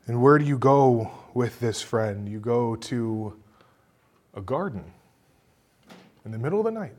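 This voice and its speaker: A male preacher giving a sermon, telling a story dramatically and swinging from a hush to forceful emphasis. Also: medium pitch, animated, unhurried, pauses often.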